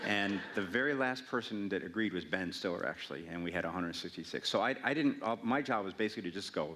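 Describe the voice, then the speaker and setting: A man speaking a little low in pitch answers audience questions at a library event. He is casual and wry, and he jokes about himself as he goes. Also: fast talker, few pauses, pushed and bright, a little hiss or hum. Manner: wry, self-mocking humor. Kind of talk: casual Q&A talk. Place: public library event hall.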